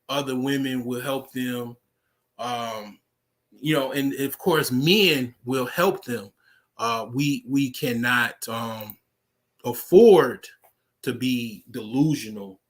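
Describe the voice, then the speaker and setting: American guy rambling slow, lots of "you know what i'm saying", swears a lot. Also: medium pitch, fairly bright tone. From United States. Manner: rambling, heavy fillers, profane. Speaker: vlogger. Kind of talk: casual monologue.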